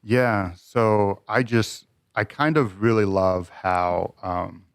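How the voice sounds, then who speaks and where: A man with a very low voice, co-hosting a podcast and speaking in a thoughtful, unhurried way with plenty of ums and uhs. The room is dry and close to the mic. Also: fairly even intonation, clean tone, no echo. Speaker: podcast co-host. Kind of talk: casual podcast chat.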